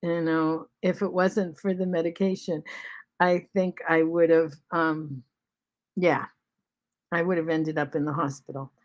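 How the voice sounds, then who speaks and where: Slow-talking woman in her seventies. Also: low voice, flat delivery. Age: 70s. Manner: halting, with many ums and restarts. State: short of breath after covid. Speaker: vlog host. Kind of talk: casual spoken reflection. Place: at home.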